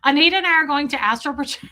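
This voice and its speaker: A woman hosting a livestream, telling a wild story to her chat in an animated way, full of "like" and swearing. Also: high voice, fast. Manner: animated, lots of "like" fillers and cursing. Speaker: livestream host. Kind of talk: casual storytelling to a live chat.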